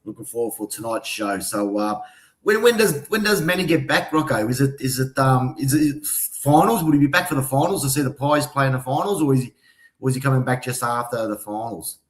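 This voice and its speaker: A man's voice: medium pitch, expressive, a little fast, reverberant. A man co-hosting a casual football podcast, mock-formal and inquisitive. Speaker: podcast co-host. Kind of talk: casual chat.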